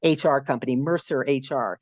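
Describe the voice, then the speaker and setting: A woman in her sixties, a podcast guest and author, telling lively anecdotes in an interview. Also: brisk, dry recording, studio quality. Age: 60s. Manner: animated, acts out quotes in high voices.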